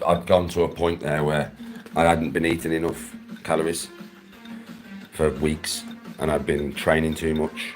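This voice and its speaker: An extremely low-pitched young man with a Birmingham accent reads his livestream chat and answers viewers by name. His manner is laid-back and slangy, and the audio carries reverb.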